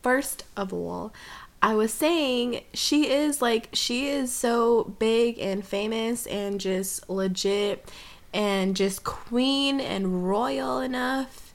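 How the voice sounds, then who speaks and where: A young adult woman co-hosting a podcast, chatting casually as an enthusiastic pop fan who pushes back quickly. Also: fairly high pitch. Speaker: podcast co-host. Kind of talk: casual chat.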